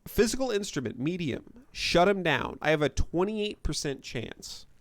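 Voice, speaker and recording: An animated man streams a game live, bouncing all over his pitch as he chats and reacts. His voice sits a little high, and the sound is close and dry. He yells and laughs freely while reading the game aloud. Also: normal speed, no echo. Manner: animated, loud yelling of read-out lines, laughs often. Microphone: desk mic with limiter.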